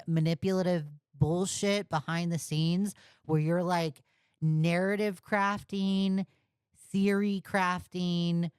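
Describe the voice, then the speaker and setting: A woman talks through casual commentary in a blunt, unhurried way, dropping swear words as she goes. Her voice sits low for a woman and comes across smooth and crisp. The recording is dry and close, with no room sound around her. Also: a little mellow, no echo. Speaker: commentary YouTuber.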